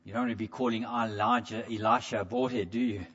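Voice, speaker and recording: A man's voice: medium pitch, fairly even intonation, quick pace, a bit bright. Man preaching on a dull, lo-fi recording. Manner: conversational, repeats words when restarting; asks the congregation direct questions. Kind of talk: sermon.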